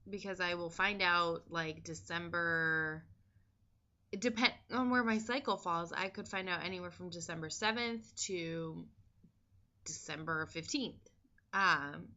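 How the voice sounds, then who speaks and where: A woman's voice: fairly low pitch, a little slow, bright, forceful tone, dull audio. A woman vlogger talking in a casual diary style, chatty and candid, with lots of ums and likes. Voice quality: chatty, filler-heavy and candid.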